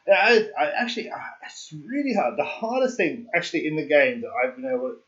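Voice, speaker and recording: A man's voice: on the high side, big pitch swings, fairly quick, fairly bright tone, lo-fi sound. A man streaming a game, chatting casually, rambling and joking and laughing at himself. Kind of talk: casual livestream chat.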